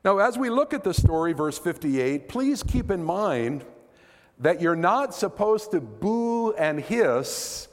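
A man's voice: sits high, big pitch swings, takes it slowly, long reverb tail. A man preaching a sermon as pastor, earnest and conversational, asking rhetorical questions.

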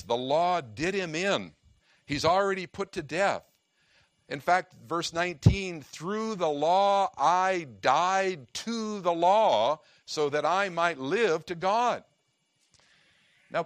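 A man preaching a sermon in an earnest, emphatic way, slowing and speeding up to stress his points. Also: on the high side, a bit bright, no room sound.

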